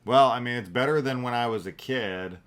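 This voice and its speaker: A man's voice: medium pitch, a little fast, a bit bright. A middle-aged man co-hosting a casual movie review chat, rambling and thinking aloud with many fillers. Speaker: podcast co-host.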